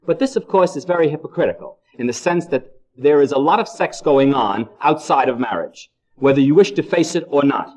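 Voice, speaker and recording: A man's voice: on the high side, lively intonation, a little fast, darkish tone. A man giving a humorous lecture to a live audience, a jokey storyteller who repeats phrases for effect, in an old 1960 recording.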